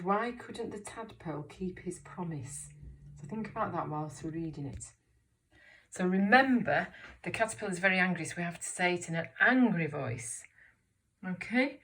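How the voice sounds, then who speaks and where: A woman teaching a children's reading lesson, explaining clearly, step by step and encouragingly. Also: on the low side, fairly bright tone, a little hiss or hum. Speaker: primary school teacher.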